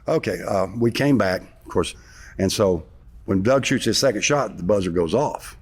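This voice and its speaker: A deep-voiced American man retells a story from his playing days. He rambles, animated and a little sarcastic, as he talks through an interview. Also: normal speed, slightly rough. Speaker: interview guest, former basketball player.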